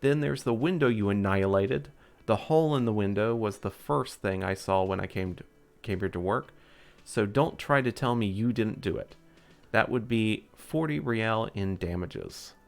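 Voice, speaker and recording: A man's voice: fairly low pitch, normal speed, gravelly. A man voicing an irritable middle-aged male cafeteria manager who speaks with sarcastic exasperation. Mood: exasperated. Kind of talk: reading game dialogue aloud.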